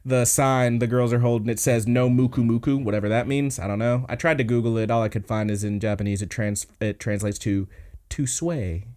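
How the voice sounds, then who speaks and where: A man's voice: fairly low pitch, level tone, fairly quick, few pauses, a little mellow, clean tone. A man hosting a podcast, casually recapping an episode, laid-back and swearing freely. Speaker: podcast host.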